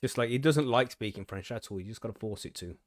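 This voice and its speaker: A man's voice: on the low side, quick pace, no echo, clean studio sound. A man co-hosting a podcast, chatting casually, swearing now and then and reading news aloud. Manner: laid-back, swears casually, laughs often. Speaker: podcast co-host.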